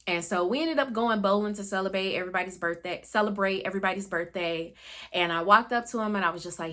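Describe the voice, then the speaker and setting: A woman's voice: medium pitch, fast, sharp tone. A young woman talking through a book review in a candid, chatty way, full of fillers and asides. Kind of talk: casual book review talk.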